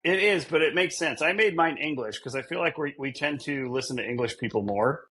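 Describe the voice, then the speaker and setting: A man's voice: on the high side, expressive, a little fast, pushed and bright, a little hiss or hum. A man co-hosting a podcast, chatting casually in a rambling, self-deprecating way and laughing often. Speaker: podcast co-host. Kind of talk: casual chat.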